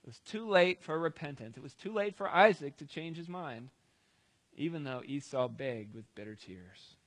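A man's voice: on the high side, animated, normal speed, fairly bright tone, no room sound. A man preaching a sermon, retelling a scripture story in a conversational way with wry asides.

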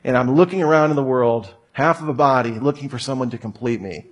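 A man's voice: mid-range voice, fast. A man giving a humorous lecture to an audience, full of rhetorical questions and joking asides. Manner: rhetorical questions, jokey asides, mock voices. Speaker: speaker giving a talk.

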